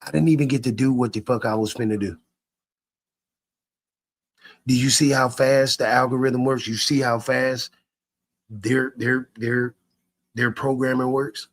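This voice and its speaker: Male streamer, husky and rough-edged; rants at chat, cursing, repeating himself. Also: mid-range voice, fairly even intonation, unhurried, pauses often. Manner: repetitive, stammering restarts, profane. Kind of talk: ranting live stream to chat.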